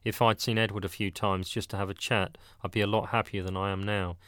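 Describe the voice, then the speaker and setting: A man's voice: fairly low pitch, level tone, brisk, a bit bright, clear, resonant tone, dry recording, natural voice. A man voicing a distressed young woman who speaks through tears. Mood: tearful. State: crying.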